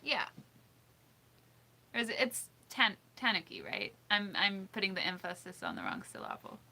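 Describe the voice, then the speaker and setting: A woman's voice: mid-range voice, wildly swooping pitch, normal speed, vocal fry, pushed and bright. A woman hosting a casual livestream, reading out suggestions, giggling often and thinking aloud as she second-guesses pronunciations. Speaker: livestream host.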